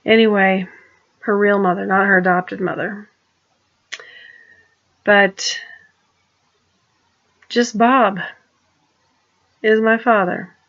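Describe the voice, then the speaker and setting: A woman's voice: medium pitch, fairly even intonation, slow pace, pauses often, fairly bright tone, muffled recording. A woman talking in a rambling personal monologue, restarting her sentences and turning pointed and accusing. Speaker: vlogger.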